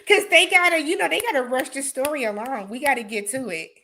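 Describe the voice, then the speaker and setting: Bright, chatty woman hosting a livestream. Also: sits high, fast, slight background noise. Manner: chatty, answers viewer comments, laughs often; casual, uses y'all and imma. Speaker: livestream host. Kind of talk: casual livestream chat.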